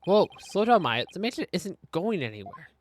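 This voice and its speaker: A man's voice: sits high, very animated, moderate pace, slight background noise, voice pushed up. A man voicing a young male lawyer in a video game in a dry, matter-of-fact way.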